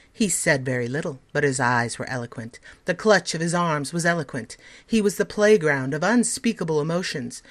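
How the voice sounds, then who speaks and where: A woman teacher reading a story aloud in an expressive, measured way. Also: low voice.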